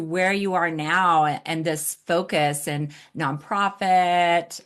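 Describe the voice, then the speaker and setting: A woman hosting an interview, reading a guest introduction with lively, gushing reactions. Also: on the low side, takes it slowly, few pauses. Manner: enthusiastic, laughs and reacts often. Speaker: host.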